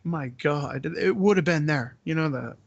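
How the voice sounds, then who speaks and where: A man's voice: a little high, moderate pace, gravelly, no echo, dull audio. A man hosting a casual movie-riff chat, ranting and swearing in exasperation. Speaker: podcast host.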